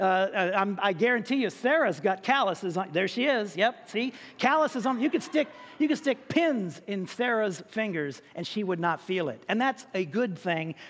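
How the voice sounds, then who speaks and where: High-voiced joking pastor in a hall. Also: male voice, a bit bright. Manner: conversational and joking, with frequent restarts; addresses the congregation directly. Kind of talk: sermon. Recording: long hall reverb.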